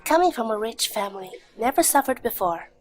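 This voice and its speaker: A woman's voice: fairly high pitch, animated, lightly acted. A woman playing a teasing unflappable young wife. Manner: brisk and teasing, dryly mocking. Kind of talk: dubbed drama acting.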